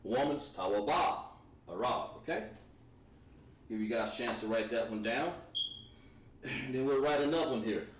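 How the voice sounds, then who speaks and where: Speaking a little fast at medium pitch, this man leaves long pauses while he writes on a board and calmly explains his online language lesson step by step. There's slight background noise, an echoey room, and a distant mic.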